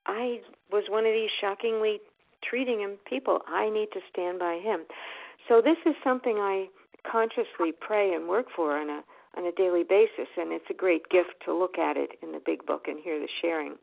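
A woman's voice: medium pitch, normal speed, creaky. A woman sharing at a twelve-step phone meeting, earnest and reflective. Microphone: telephone. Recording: phone line.

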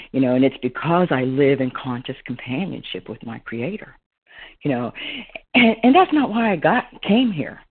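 A woman with a slightly husky voice shares her story on a recovery meeting call. She rambles warmly, leaning on "you know" as she goes. The sound is narrow and tinny, as if coming through a telephone line. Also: extremely low pitch. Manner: rambling, heartfelt, heavy on fillers. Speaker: meeting member sharing. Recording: phone-line audio.

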